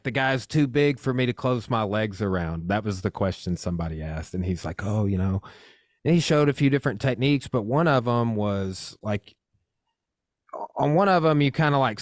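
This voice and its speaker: A podcast host in casual chat, retelling a training story excitedly and rambling. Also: male voice, fairly low pitch, no echo, clean studio sound.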